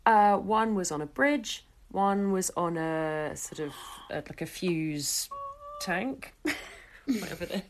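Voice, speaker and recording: A woman's voice: fairly low pitch, lively intonation. A woman in casual podcast chat, telling stories and playfully acting out what people said. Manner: unhurried storyteller, acts out quoted voices.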